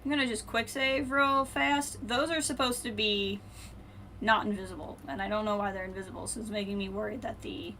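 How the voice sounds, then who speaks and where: A woman streaming a video game, thinking aloud and muttering to herself, then brightly greeting her viewers. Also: medium pitch, fairly even intonation, brisk, a little hiss or hum. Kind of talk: casual live-stream chat while playing.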